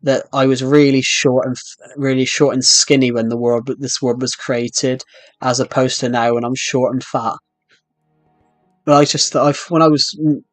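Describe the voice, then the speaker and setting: A man's voice: medium pitch, little pitch movement, normal speed, dry recording, soft background music. A young British man chatting casually while streaming a game, rambling with frequent restarts. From United Kingdom. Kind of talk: casual live-stream chat while playing.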